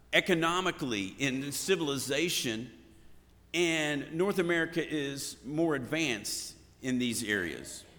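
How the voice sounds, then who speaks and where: A man preaches a sermon, telling stories with energy and acting out the quotes. His voice sits a little high and sounds bright and forceful. A long reverb from a large hall trails behind his words. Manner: animated storytelling, acting out shouted quotes. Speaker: pastor.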